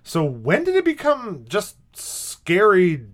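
A man's voice: high voice, wildly swooping pitch, takes it slowly. A man co-hosting a podcast in casual chat, rambling and hesitant with wry asides. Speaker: podcast co-host.

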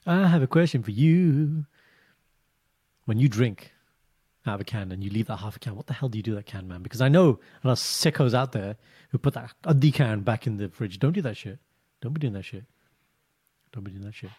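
A man co-hosting a podcast, telling a story in a casual, animated way and jumping into high, exaggerated voices. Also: brisk, husky. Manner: animated storytelling, breaks into high mock greetings. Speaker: podcast co-host. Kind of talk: casual chat.

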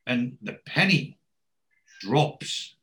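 Drawing out his words at a medium pitch, a man hosting a podcast casually recaps a TV episode. He's an animated storyteller, performing the characters' quoted dialogue throughout.

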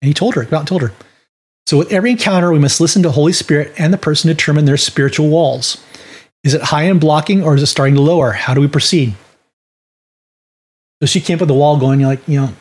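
Husky man teaching evangelism. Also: fairly high pitch, quick pace, a little mellow. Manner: conversational, folksy, with repeated restarts. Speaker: ministry teacher. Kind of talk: teaching a Bible lesson on evangelism.

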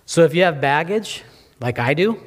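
A man reading scripture aloud and then preaching, earnest and full of rhetorical questions, his voice sinking low at the ends of phrases. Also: lively intonation, normal speed, big-room sound.

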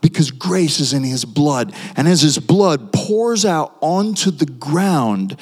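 An impassioned man delivers a sermon, his voice sitting a little high and swinging up and down as he drives home each point. A long reverb trails behind every phrase, the sound of a big hall. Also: animated, slow, hardly any pauses, breathy edge. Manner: impassioned, with sweeping pitch swings. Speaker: guest preacher.

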